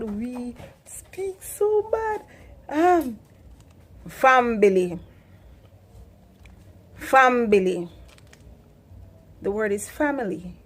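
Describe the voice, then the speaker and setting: A young Jamaican woman with a fairly high voice talks through local words in a relaxed vlog. She laughs a lot and gets animated as she acts out everyday commands. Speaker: vlogger. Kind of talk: casual teaching chat.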